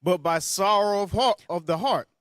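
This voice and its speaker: A man's voice: sits high, moderate pace, a bit bright, clear, resonant tone, no room sound, clean studio sound. A man reading scripture aloud in a formal King James cadence, announcing book, chapter and verse. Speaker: scripture reader.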